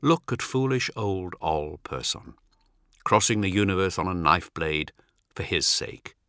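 A man reads a dark fantasy novel in a low, unhurried voice. His pitch moves expressively and his tone is bright and forward. The recording is dry and close, like a studio booth. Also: no room sound. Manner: measured, dramatic reading. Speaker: audiobook narrator. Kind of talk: scripted narration.

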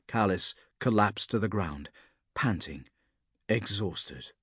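A man narrating a fantasy audiobook in a steady, measured storytelling manner. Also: on the low side, breathy edge, no echo, studio quality.

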